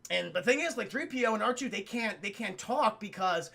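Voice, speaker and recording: A man casually recapping a movie for a live chat, animated, joking and swearing freely. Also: sits high, fairly quick, creaky. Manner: animated, profane, jokey. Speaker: streamer.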